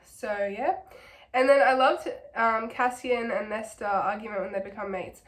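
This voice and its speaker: Hoarse young woman ranting about a book. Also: fairly high pitch, normal speed, a bit bright. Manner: rambling, filler-heavy, enthusiastic. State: hoarse from a cold. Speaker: book reviewer. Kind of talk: casual ranting book review.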